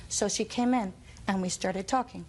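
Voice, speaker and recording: A woman's voice: mid-range voice, moderate pace, darkish tone, slight background noise. A woman testifying defensively and insistently as a plaintiff in a small-claims courtroom.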